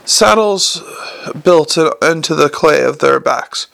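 A man reads a novel aloud as narrator in an unpolished way, stumbling and restarting now and then. His voice is slightly high with a gravelly texture. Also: expressive, takes it slowly, fairly bright tone.

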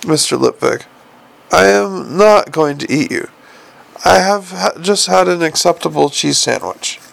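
A softly menacing older ruler, voiced by a male audiobook narrator speaks with calm, clipped dryness. The voice sits low and quiet with a gravelly edge. Every sentence sounds measured and faintly amused. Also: exaggerated voice. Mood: dry menace. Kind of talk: audiobook character reading.

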